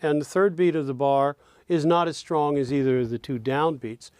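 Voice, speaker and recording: A man with a slightly high, steady, smooth voice of darkish tone gives a lesson on lyric stress and rhythm. The sound is dry and clean, studio-like. He explains slowly, counting beats and saying example lines aloud.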